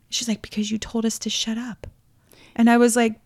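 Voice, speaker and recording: A woman, co-hosting a podcast. Her voice has a gravelly, fry-touched edge, and she tells her stories lively, acting out the people in them. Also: on the high side, fairly quick. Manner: storytelling, mimics other people in her anecdotes. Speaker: podcast co-host. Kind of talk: casual chat.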